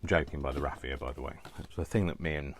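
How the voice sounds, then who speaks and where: A man's voice: very deep voice, steady tone, fast, a little hiss or hum. A man with a Coventry accent chatting casually while crafting, rambling into self-mocking asides. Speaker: craft vlogger.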